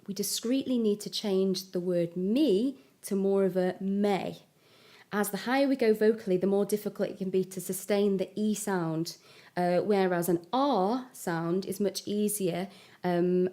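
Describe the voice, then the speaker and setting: A woman giving a singing lesson, explaining vowel shapes step by step and demonstrating high notes. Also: moderate pace, mellow. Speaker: singing teacher. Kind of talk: vocal lesson with sung examples.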